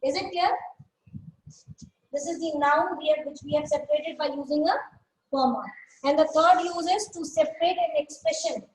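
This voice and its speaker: A woman teacher with an Indian English accent, giving a grammar lesson and dictating example sentences slowly, word by word. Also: high voice, echoey room, slight background noise, low-quality recording. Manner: slow, deliberate dictation, repeating phrases word by word.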